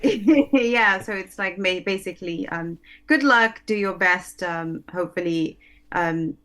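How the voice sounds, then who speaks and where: A woman guest, an English teacher, chatting casually in an interview, hesitant with many pauses and restarts and soft laughs. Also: medium pitch. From lives in London.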